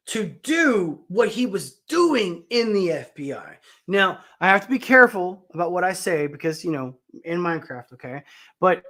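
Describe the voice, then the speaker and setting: A man's voice: high voice, a bit bright. A man hosting a casual show, talking bluntly about the news with swearing, fillers and restarts. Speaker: host. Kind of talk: ranting commentary on news clips.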